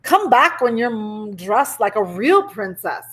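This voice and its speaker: A woman voicing a snobbish, fussy young prince who talks slowly and disdainfully. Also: fairly high pitch, very animated, fairly bright tone, slightly rough, exaggerated voice. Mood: sniffy.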